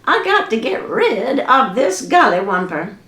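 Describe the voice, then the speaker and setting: A woman's voice: a little high, sing-song, measured pace, sharp tone, heavily acted. A woman voicing a frantic old mountain granny who hollers in panic. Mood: panicked. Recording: echoey room.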